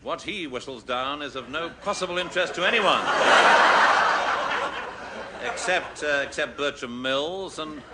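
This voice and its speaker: A man hosting and narrating a radio comedy show with droll, deadpan wordplay. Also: on the high side, a little slow, pauses often, very noisy.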